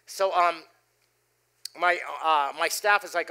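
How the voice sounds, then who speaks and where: A middle-aged man preaching a sermon, telling a personal story with animated delivery and dropping his voice low for quoted lines. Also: takes it slowly, clean tone. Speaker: pastor. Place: church stage before a congregation.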